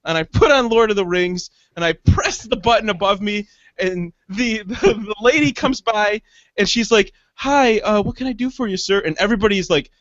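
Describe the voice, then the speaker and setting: A podcast co-host with a notably high voice, cursing and laughing his way through a long tale. The sound is dry and close, with slightly muffled top end. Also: normal speed, a bit bright, no room sound. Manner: profane rambling storyteller, laughs often. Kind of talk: casual comedic chat.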